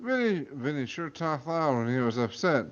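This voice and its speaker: A man's voice: medium pitch, normal speed, dull audio. A man, a podcast host, reading a comic story aloud and tripping over words. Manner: stumbling, self-correcting reading.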